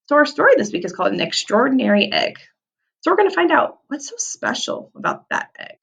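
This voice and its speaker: A woman's voice: medium pitch, gravelly, a bit bright. A woman teaching a vocabulary lesson to young children, stretching out key words for emphasis.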